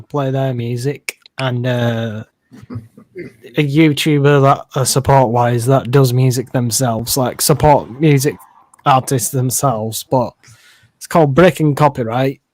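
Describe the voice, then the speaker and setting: A man and live streamer chatting casually, rambling with many fillers and pauses. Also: medium pitch, fairly even intonation, a little mellow, dry recording. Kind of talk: casual chat.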